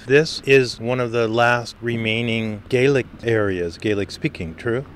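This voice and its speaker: A man's voice: medium pitch, measured pace, fairly bright tone, slight background noise. A man hosting a radio travel show, asking short prompting questions in an interview.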